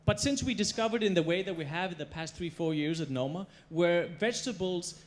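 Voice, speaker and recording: Higher-voiced man storytelling on stage. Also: fairly quick. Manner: storytelling, emphatic, playful. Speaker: chef giving a stage talk. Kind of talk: stage presentation. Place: stage before a live audience.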